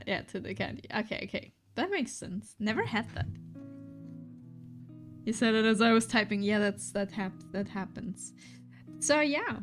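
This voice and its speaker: A woman with a German accent, chatting casually on her stream and reading chat aloud, giggly and full of restarts. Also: mid-range voice. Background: faint lofi music.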